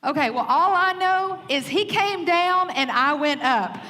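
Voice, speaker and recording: A woman pastor telling a funny story in a sermon, animated, laughing often and acting out quoted lines. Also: very high-pitched, unhurried. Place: church stage. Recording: reverberant hall with faint noise.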